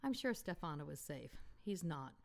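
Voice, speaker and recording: A woman voicing a shy but feisty young frontier woman with prim, quick retorts. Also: deep voice, very animated, creaky, exaggerated voice.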